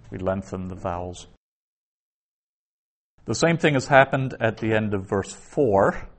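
A middle-aged man teaching a class, explaining slowly and patiently with pauses and fillers. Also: on the low side. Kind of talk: classroom lecture.

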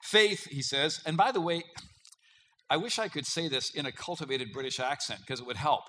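A man preaching a sermon in a conversational, emphatic way, often pausing with fillers and pushing hard on key words. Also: mid-range voice, sharp tone, slight background noise.

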